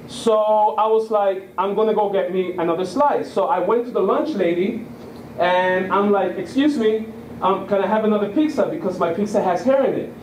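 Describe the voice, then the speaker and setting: A man's voice: high voice, moderate pace, darkish tone, roomy sound, a little hiss or hum, lightly acted, rough recording. A man voicing his earnest, indignant eight-year-old son, hesitant and full of "um" and "like".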